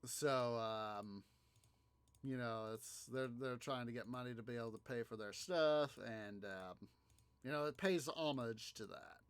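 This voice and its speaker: A man hosting a gaming video, telling a story in a halting, rambling way, full of fillers and restarts as he plays. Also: medium pitch, smooth, dry recording. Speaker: gaming channel host. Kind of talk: casual gameplay commentary.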